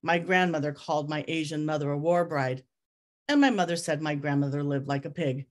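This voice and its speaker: A woman author reading her own memoir aloud in a measured, reflective, steady way. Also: low-pitched.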